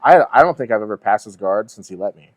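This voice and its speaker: A man's voice: fairly low pitch, animated, quick pace. A man in his forties co-hosting a podcast, trading profane, joking banter in casual chat. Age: 40s. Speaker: podcast co-host.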